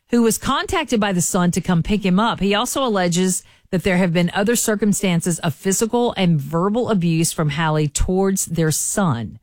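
A woman's voice: medium pitch, no echo, studio quality. A woman hosting a morning radio show, chatty and folksy. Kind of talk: morning radio entertainment chat.

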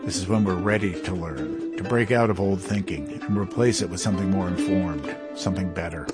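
A male radio host reading a scripted link in a calm, measured voice. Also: deep voice. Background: guitar music.

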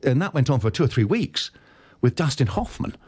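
A middle-aged actor telling stories in an interview, animated and stumbling over restarts. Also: male voice, medium pitch, fairly quick, husky. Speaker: actor, guest. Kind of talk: interview anecdote.

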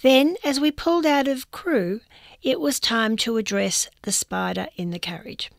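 A woman's voice: fairly high pitch, lively intonation, a little slow, gravelly, dry recording. A woman reading a first-person magazine column aloud with a dry, wry storytelling delivery.

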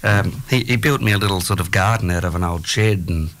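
A middle-aged Australian man hosting a radio chat, rambling and halting with lots of fillers. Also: low-pitched, fairly bright tone, a little hiss or hum. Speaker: radio host. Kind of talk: casual chat.

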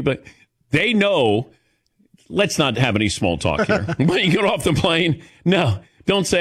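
A man's voice: on the high side, normal speed, dry recording, studio quality. A man hosting a casual chat show, telling stories animatedly and calling on his co-hosts. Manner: animated storyteller, calls on co-hosts. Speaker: host.

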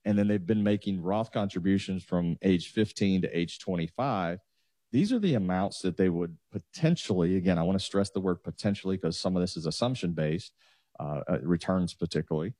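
Deep, mellow man explaining finances. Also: brisk, no echo. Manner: explanatory, walks through numbers step by step. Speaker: financial advisor. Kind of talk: explaining on a talk show.

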